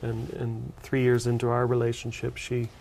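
A man's voice: mid-range voice, monotone, moderate pace, creaky, darkish tone. A man, a pastor, telling his story as a talk show guest in an earnest way, often restarting his sentences. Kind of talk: interview testimony.

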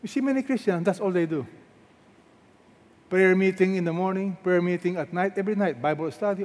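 Speaking briskly in a high, slightly mellow voice, a male pastor with a Filipino accent delivers an emphatic sermon in a large church hall. He repeats phrases and fires rhetorical questions at the congregation, and the recording carries the long reverb of the large hall.

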